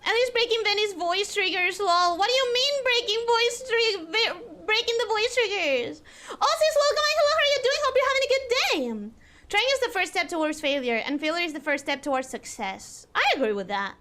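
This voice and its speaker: A woman's voice: extremely high pitch, animated, normal speed, bright, forceful tone. A woman streaming a game live, chatty and self-deprecating, reading out chat messages and answering them. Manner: chatty, reads chat messages aloud and replies. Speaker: virtual streamer.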